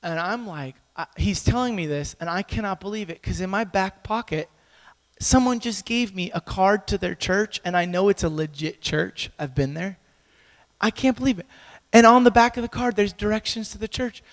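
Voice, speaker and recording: A man preaching, telling a story with lively acted-out dialogue and frequent laughter. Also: high voice, normal speed. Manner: animated storyteller, acts out dialogue, laughs often. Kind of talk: sermon storytelling. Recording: echoey hall with long reverb.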